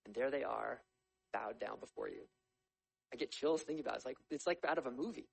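A man preaching a sermon, reading scripture aloud and explaining it in a conversational, animated storytelling way. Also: mid-range voice, quick pace, vocal fry, husky, low-quality recording. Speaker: pastor.

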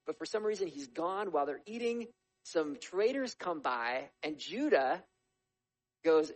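A man preaching a sermon as a lively storyteller, with humorous asides. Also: fairly high pitch, measured pace, poor audio. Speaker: pastor.

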